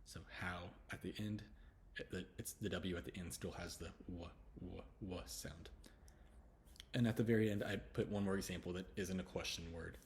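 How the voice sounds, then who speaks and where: A man with a Texan accent and a very low voice walks through English letter sounds, repeating each one slowly in a relaxed, chatty way. A faint background hum sits under his voice. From Texas. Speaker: English pronunciation teacher. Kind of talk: casual pronunciation lesson.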